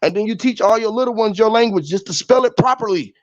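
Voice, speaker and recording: A man's voice: high-pitched, fast talker, no echo. Man on a rambling, profane wordplay rant. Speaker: podcast host. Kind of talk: rambling monologue. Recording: dull lo-fi, dry.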